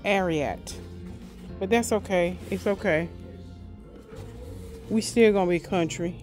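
A woman's voice: fairly low pitch, slow pace, a little mellow. A woman chatting playfully and directly to her viewers in a casual vlog. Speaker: vlogger. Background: music.

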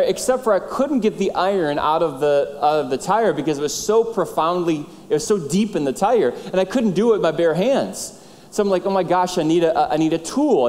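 A high-voiced middle-aged man preaching from the pulpit, telling a story with lively, animated delivery and acting out each person's lines. His voice carries a long reverb through a large church hall. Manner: animated storyteller, acts out dialogue. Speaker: pastor. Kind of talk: sermon storytelling. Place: church sanctuary.

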